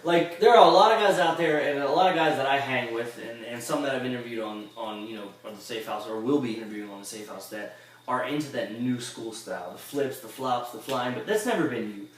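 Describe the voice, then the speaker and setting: A man's voice: mid-range voice, a little fast. A man hosting a casual interview podcast, asking long, eager questions. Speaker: podcast host. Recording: echoey room, distant mic.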